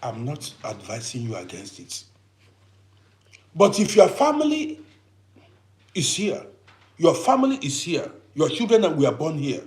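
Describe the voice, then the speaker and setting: A man in his fifties lectures his viewers with emphatic rhetorical questions. His voice sits a little high for a man and swings widely up and down as he drives his points home. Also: a little mellow. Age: 50s. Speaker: vlogger giving advice. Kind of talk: advice monologue.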